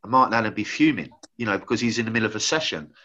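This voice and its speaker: A middle-aged former footballer telling rambling anecdotes in casual chat, full of "you know" fillers. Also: male voice, lowish voice, expressive, very fast, pushed and bright, dull audio.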